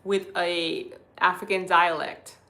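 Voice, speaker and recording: A woman's voice: lowish voice, flat delivery, slow pace, creaky, sharp tone. A woman from Haiti, whose first language is Haitian Creole, hosting a hospice livestream, reading viewer comments and talking to them affectionately as her beautiful people. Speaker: hospice channel host.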